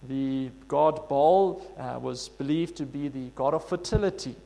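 Guy preaching a sermon, kinda high voice, lots of uh and restarts, big echoey hall. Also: a little slow, vocal fry. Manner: earnest, steady delivery with frequent "uh" and restarts. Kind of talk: sermon with scripture reading. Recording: long hall reverb.

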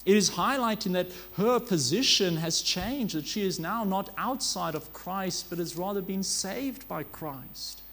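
A man's voice: high-pitched, expressive, a little slow, few pauses, fairly bright tone. A man preaching a sermon in an earnest manner, asking rhetorical questions and sometimes correcting himself as he goes.

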